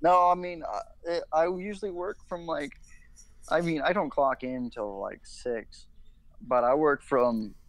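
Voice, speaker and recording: A man's voice: a little high, measured pace, no room sound, poor audio. A young man co-hosting a casual podcast chat, rambling with lots of "like" and restarts and swearing casually. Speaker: podcast co-host.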